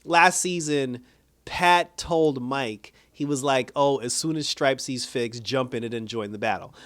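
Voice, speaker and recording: A man talks through a TV episode in an easygoing, rambling recap, stringing thoughts together with "like" and "you know." His voice sits at an ordinary middle pitch. He sounds close to the mic in a dry, deadened room. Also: a little slow, no room sound. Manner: rambling animated retelling, heavy filler "like". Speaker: TV episode reviewer. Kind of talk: casual recap and review.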